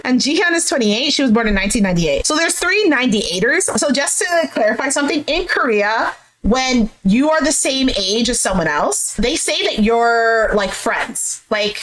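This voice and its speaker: A woman's voice: fairly high pitch, a bit bright, a little hiss or hum, poor audio. A woman casually recapping a reality show, blunt and opinionated, with lots of "like" fillers. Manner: chatty, heavy use of "like" fillers. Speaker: recap vlogger.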